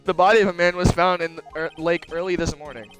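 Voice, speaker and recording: A man reading a male TV news anchor's lines in a measured, announcer-like way. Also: high-pitched, steady tone, over music, lightly acted. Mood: formal.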